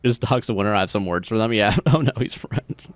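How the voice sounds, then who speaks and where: A man's voice: on the low side, fast, dry recording. A man livestreaming a game, joking, swearing and laughing as he reacts. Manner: joking, profane, laughs often. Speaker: streamer. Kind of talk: casual game livestream commentary.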